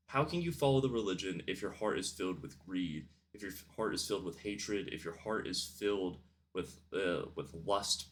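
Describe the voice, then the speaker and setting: A young man with a very deep, low-pitched voice muses aloud in a personal vlog. He rambles thoughtfully, circling back with fillers and restarts as he works through his ideas. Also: a bit bright. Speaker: vlogger. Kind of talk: reflective personal monologue.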